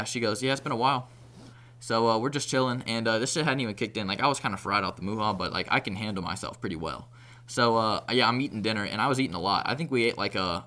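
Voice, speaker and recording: A young male vlogger tells a wandering personal story in a relaxed, casual manner, with lots of filler words. His fairly low voice comes across as pushed and bright.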